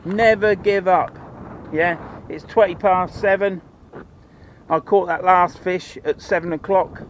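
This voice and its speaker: Recorded with the highs cut off and a little background noise, a man with a higher-leaning voice chats to the camera. He's a Norfolk fishing vlogger, rambling casually in broad dialect while fishing outdoors by the water.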